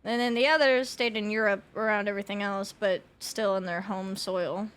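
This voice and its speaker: A woman's voice: mid-range voice, steady tone, normal speed, a bit bright, smooth. A young adult woman streaming a game, chatting casually with her viewers in a rambling way, swearing often and laughing a lot.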